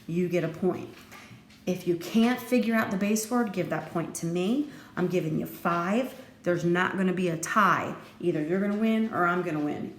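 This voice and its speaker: A woman teacher giving a recorded phonics lesson, slow and deliberate, playful, with sudden lively jumps in her voice. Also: fairly low pitch. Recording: echoey room with faint background noise.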